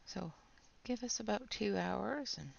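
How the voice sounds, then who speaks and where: Woman host with a low, gravelly voice, slightly winded, talking through a colouring demo on muffled audio. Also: unhurried. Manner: chatty, explains step by step. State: out of breath. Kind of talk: casual product demo while colouring. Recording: dull lo-fi audio.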